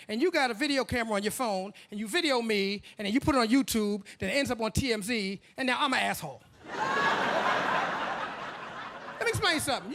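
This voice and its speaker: A man's voice: very high voice, bright, forceful tone. A man performing a stand-up comedy set, telling stories and acting out the people in them. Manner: storytelling, acts out characters, playful.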